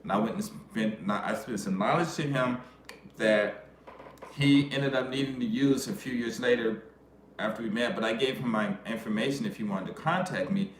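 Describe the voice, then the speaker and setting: A man's voice: mid-range voice, moderate pace. A middle-aged man ranting casually to camera in loose slang, with sudden raised outbursts. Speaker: vlogger. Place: living in Japan. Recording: echoey room with faint ambient noise.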